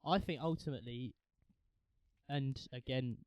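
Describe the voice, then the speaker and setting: A man's voice: mid-range voice, measured pace, dry recording, muffled recording. A young man hosting a podcast, thinking aloud in a reflective way, with frequent restarts as he works through his ideas. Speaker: podcast host. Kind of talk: casual podcast chat.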